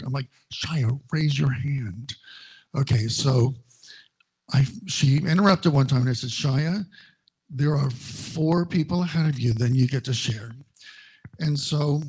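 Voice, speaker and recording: A middle-aged male minister giving a sermon, telling personal stories in a slow, conversational way with wry humor. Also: on the high side, slightly rough.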